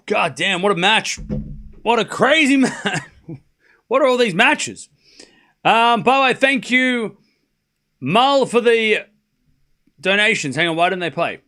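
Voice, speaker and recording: Young male streamer host, excitable and chatty, bright forceful tone, slightly high voice. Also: unhurried, long pauses. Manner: excitable, chatty, talks to the chat. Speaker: streaming tennis commentator. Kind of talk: casual live-stream chat.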